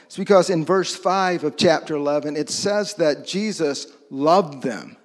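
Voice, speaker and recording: A man's voice: a little high, a little slow, big-room sound. A man preaching a sermon in a conversational way, often asking his listeners questions. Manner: conversational, asks the audience questions.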